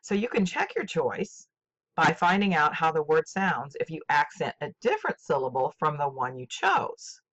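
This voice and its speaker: An older woman teaching a scripted literature lesson, speaking slowly and deliberately with clear enunciation. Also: low voice, sing-song, fairly bright tone. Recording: dull lo-fi recording.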